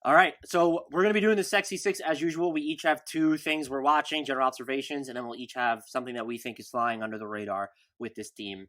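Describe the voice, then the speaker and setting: A man hosting a sports podcast, talking energetically with playful hype and rapid reads of show notes. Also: mid-range voice, steady tone, a bit bright. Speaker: podcast host. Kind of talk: casual sports podcast talk.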